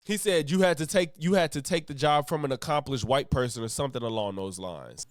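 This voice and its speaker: A man's voice: mid-range voice, a little fast, no echo, studio quality. A man streaming his reaction to a video, talking loosely, swearing and laughing often. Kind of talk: casual reaction commentary.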